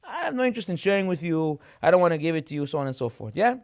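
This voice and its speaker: A male rabbi races through a chatty Torah class in a very animated, high-leaning voice, acting out the characters as he tells the stories. He keeps asking rhetorical questions along the way.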